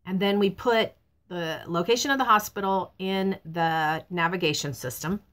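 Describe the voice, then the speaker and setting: A woman's voice: lowish voice, a bit bright. A middle-aged woman vlogging casually, telling a personal story in a chatty way. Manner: chatty storytelling, acts out quoted voices. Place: truck stop, outdoors.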